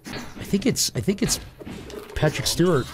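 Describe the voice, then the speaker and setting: A young man co-hosting a game playthrough, chatting in loose, jokey banter and giggling often. His voice sits high and swings animatedly up and down. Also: sing-song, moderate pace, soft background music. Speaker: let's play co-host. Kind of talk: casual gaming banter.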